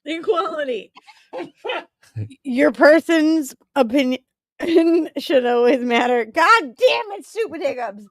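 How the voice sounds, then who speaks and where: A woman's voice: sits high, animated, slow, no echo. A woman co-hosting a podcast, flustered and laughing while she has the hiccups. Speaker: co-host. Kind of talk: casual podcast banter.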